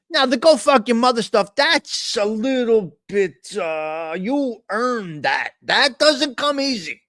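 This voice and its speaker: A man's voice: high voice, a bit bright, dry recording, studio quality. A man hosting a casual live stream, talking bluntly with a lot of profane trash talk. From Italian American. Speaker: host.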